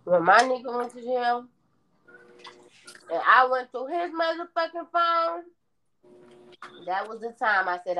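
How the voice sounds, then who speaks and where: A woman in casual chat with a friend, blunt and animated, acting out the lines she quotes. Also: a little high, a little slow, pauses often, slight background noise.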